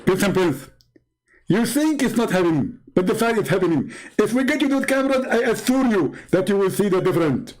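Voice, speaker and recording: Man doing a smug preacher parody: high, bouncy pitch, broken English, stammering. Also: animated, a little fast, darkish tone, rough recording. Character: pompous smug male preacher, middle-aged, know-it-all. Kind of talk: mocking comic impression.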